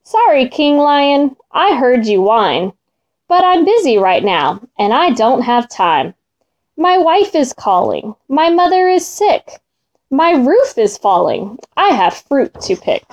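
A woman's voice: high voice, big pitch swings, takes it slowly, dull audio, full character voice. A woman doing a busy monkey full of excuses. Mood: dismissive. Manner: rhyming excuses.

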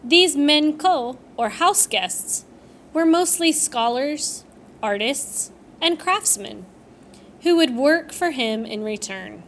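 Woman storyteller, storybook narration, high voice, very lively intonation. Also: slight background noise. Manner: slow, expressive reading.

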